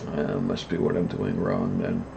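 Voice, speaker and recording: A man co-hosting a casual chat, dry and hesitant, clearing his throat at times. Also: rumbling low, very animated, a little slow, crowd noise. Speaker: podcast co-host. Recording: dull lo-fi mic with faint noise.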